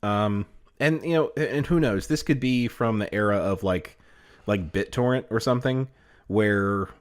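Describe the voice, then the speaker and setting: A man's voice: lowish voice, moderate pace. A man co-hosting a comedy podcast, chatting casually with lots of fillers, restarts and frequent laughter. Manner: laughs often, rambling with many fillers. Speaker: podcast co-host.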